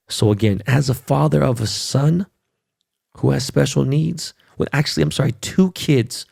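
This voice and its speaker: Middle-aged male podcast host with a gravelly voice; he rants in a casual, profane, emphatic way. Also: medium pitch, darkish tone, dry recording, clean studio sound. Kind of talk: casual monologue.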